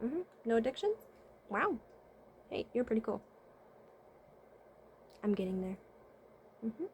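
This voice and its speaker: A woman with a slightly raised voice speaks straight to her viewers in a relaxed advice monologue. She fills pauses with soft "mm-hmm" hums and keeps asking questions. A faint noise sits under her speech. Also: on the high side. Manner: asks many rhetorical questions and checks in with listeners; hums "mm-hmm" often while thinking aloud. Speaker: vlogger and spiritual consultant. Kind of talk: casual advice monologue to camera.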